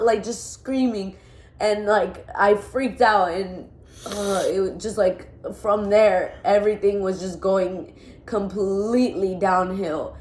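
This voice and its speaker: A young woman vlogger tells a frightening story in a rambling, shaken way, full of restarts and fillers. Her voice sits at an ordinary pitch for a woman. The room is echoey. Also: steady tone, a little slow, darkish tone. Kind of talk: emotional storytime vlog.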